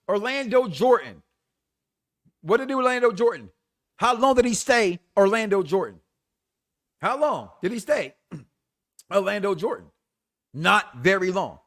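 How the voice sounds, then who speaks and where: A man hosting a wrestling talk show, giving an impassioned commentary rant that is emphatic and full of repetition. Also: sits high. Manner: animated, emphatic, repeats himself.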